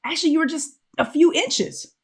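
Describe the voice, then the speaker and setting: A woman's voice: high-pitched, brisk. A woman hosting a sports psychology podcast, chatting casually and gushing with enthusiastic praise between questions. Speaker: podcast host. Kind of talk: casual interview chat.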